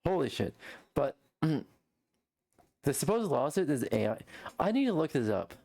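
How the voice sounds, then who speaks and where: A woman's voice: low-pitched, very animated, normal speed, gravelly, mellow, dry recording. A woman streamer reacting on a live stream, casually, swearing a lot, with frequent fillers and restarts.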